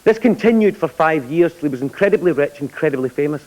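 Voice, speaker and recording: A man's voice: fairly high pitch, expressive, quick pace, darkish tone, low-quality recording. A man presenting an award, telling a joke in a dry storytelling way. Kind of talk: comic anecdote at an awards ceremony.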